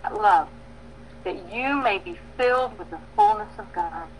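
A woman preaching a sermon, emphatic, with bursts of loud stress and soft pauses, acting out prayers and dialogue. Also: mid-range voice, a little hiss or hum, low-quality recording. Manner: acts out prayers and quoted dialogue.

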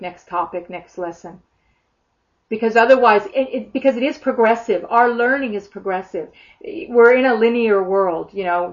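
A woman preaching a sermon in a fervent, emphatic way, often acting out imagined prayers. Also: medium pitch. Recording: dull lo-fi sound.

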